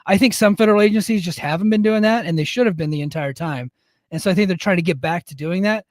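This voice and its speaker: A man's voice: high-pitched, quick pace, dry recording, studio quality. A man co-hosting a podcast in casual chat, easygoing and reading out chat names. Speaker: podcast co-host; Air Force service member in leadership.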